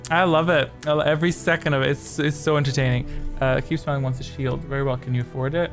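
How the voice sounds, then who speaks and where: A man's voice: mid-range voice, fairly even intonation, fast, faint music behind. A man hosting a live-stream quiz game, rambling chattily between questions with jokey asides. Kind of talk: casual live-stream chat.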